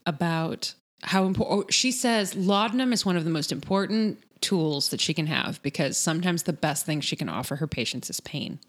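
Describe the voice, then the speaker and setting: A woman's voice: sits low, lively intonation, normal speed, few pauses. Chatty woman recapping a show. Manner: chatty, acts out quotes in funny voices. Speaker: podcast co-host. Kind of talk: casual recap chat.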